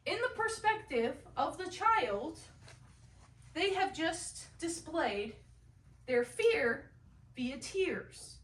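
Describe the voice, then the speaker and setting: A young woman gives a class presentation in a high voice at an unhurried pace. She stops now and then with fillers and restarts. The recording is echoey, and she sounds some distance from the mic. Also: very animated, a bit bright.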